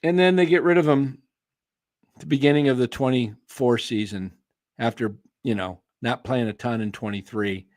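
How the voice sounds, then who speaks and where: A man's voice: mid-range voice, moderate pace, a little mellow, no room sound, studio quality. A man hosting a casual sports talk stream, opinionated and rambling, answering viewers by name while his voice wears thin. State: losing his voice, clearing throat. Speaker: sports show host. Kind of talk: casual live-stream commentary.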